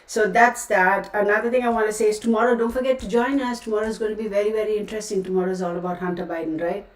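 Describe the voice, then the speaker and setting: A tarot reader and channel host with a Texan accent chats to her livestream viewers, calling them y'all and constantly interrupting and correcting herself. She talks rapid-fire in a steady, middle-range pitch, sitting back from a distant mic in a roomy, echoey space.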